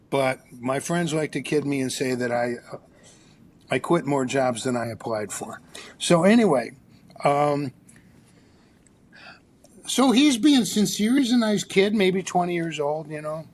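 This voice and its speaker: A psychologist and author, a man, telling an animated anecdote as a podcast guest, with frequent restarts. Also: fairly high pitch. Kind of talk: storytelling in a podcast interview.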